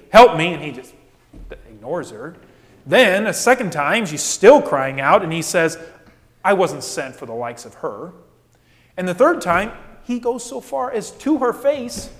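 A man preaching a sermon as pastor, animated, asking rhetorical questions and acting out the people in the story. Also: sits high, long reverb tail. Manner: animated, rhetorical questions, acts out quoted voices.

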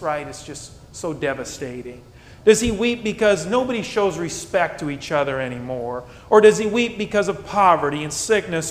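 A slightly high-voiced man delivers a sermon in a reverberant church hall, with a faint rumble underneath. He leans on rhetorical questions, dropping soft and low, then pushing up loud and emphatic. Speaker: pastor.

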